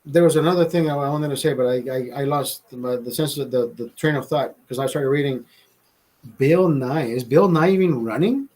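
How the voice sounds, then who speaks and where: A man's voice: medium pitch, normal speed, darkish tone. A man hosting a casual livestream, rambling and swearing, laughing often as he talks to viewers. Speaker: livestream host.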